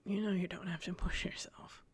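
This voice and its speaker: Young man in whispered role-play, voiced by a woman: hushed, gentle, reassuring. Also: on the low side, level tone, brisk, breathy edge. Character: shaken young man comforting his mother.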